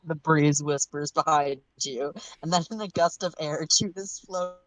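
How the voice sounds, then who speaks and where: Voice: mid-range voice, moderate pace, fairly bright tone, dry recording. A livestream co-host reading a fan story aloud in second person, casually breaking off to laugh and chat. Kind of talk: casual read-aloud narration with chatty asides.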